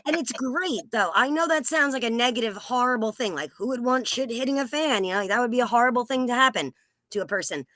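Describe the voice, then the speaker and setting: An American woman speaks to a group over a video call, talking fast and excitedly in a rambling, profane way. Her voice sits fairly high and sounds bright and forceful. The sound is dry and close. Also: no echo. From United States. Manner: excited, rambling, swears freely. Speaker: class participant.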